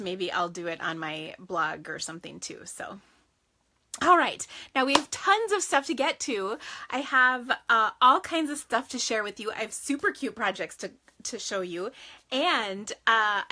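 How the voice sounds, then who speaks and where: A woman's voice: medium pitch, bright, forceful tone. A woman hosting a casual craft livestream from her home craft room, chatting with sing-song greetings and lots of fillers.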